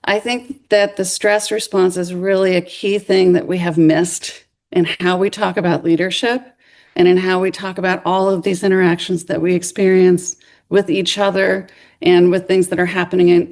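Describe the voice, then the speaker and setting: A middle-aged woman giving a lecture, telling a story in a lively way and acting out the voices of people she quotes. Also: lowish voice, moderate pace. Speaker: speaker. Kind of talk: university lecture.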